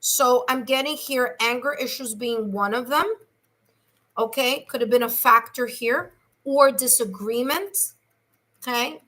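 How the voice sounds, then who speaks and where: A woman's voice: fairly high pitch, pushed and bright. A woman giving a live tarot reading to her viewers, chatty, often asking "okay?" and stretching out key words. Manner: chatty, repeats "okay?" and "here's the thing"; speaks to viewers directly, slows to stress key words. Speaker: tarot reader.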